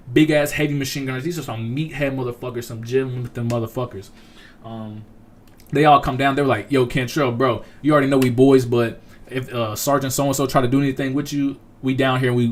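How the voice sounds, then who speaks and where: A young man telling a profane, animated story on a casual livestream, acting out other people's lines. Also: medium pitch.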